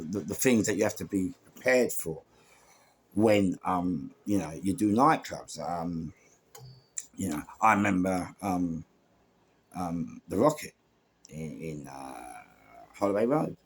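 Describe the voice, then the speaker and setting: Casting note: London man, low gravelly husky voice, rambling anecdotal storyteller. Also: slight background noise. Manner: rambling, many restarts and fillers, animated asides. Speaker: podcast guest storyteller. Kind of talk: casual storytelling.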